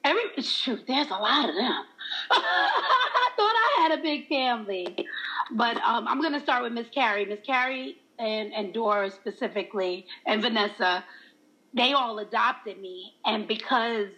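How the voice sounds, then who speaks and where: A woman's voice: fairly high pitch, a little slow, poor audio. A woman in casual chat, laughing often and acting out quoted lines as she tells stories. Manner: laughs often, animated storytelling.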